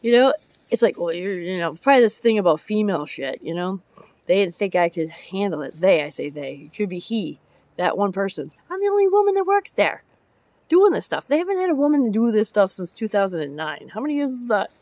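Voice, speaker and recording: A woman's voice: medium pitch, expressive, a little fast, a little mellow, no echo. Chatty rambling woman vlogging. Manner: chatty, jumps between topics, laughs often. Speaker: vlogger and public works truck driver. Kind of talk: casual rambling vlog chat.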